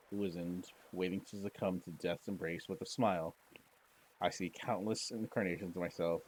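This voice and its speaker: A man's voice: low-pitched, darkish tone, low-quality recording. A man streaming a text-based game, reading the story aloud dramatically with joking asides. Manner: theatrical narration broken by joking asides.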